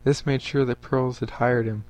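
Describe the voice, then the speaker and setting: A man narrating a story aloud for a podcast. His voice sits at an ordinary middle pitch, and his reading stays steady and even. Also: normal speed.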